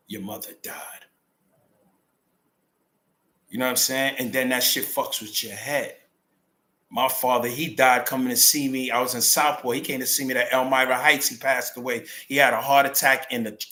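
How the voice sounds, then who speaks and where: Preachy street-talking man with a bright voice. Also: mid-range voice. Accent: New York. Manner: street slang, emphatic, preachy. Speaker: channel host. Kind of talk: unscripted commentary monologue.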